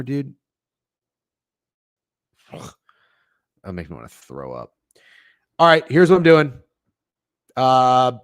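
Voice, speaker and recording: Young man, betting stream host, swears freely, lively swooping pitch, dry close mic. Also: no room sound. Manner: animated, swearing, talks to chat. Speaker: sports betting show host. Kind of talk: profane live-stream betting chat.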